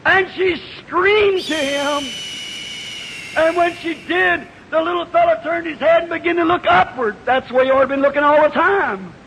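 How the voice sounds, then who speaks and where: A man preaching a revival sermon, telling a folksy story that builds into shouted fervor, heard on an old archival tape. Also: very high voice, moderate pace, a little hiss or hum. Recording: dull old archival tape in a reverberant hall.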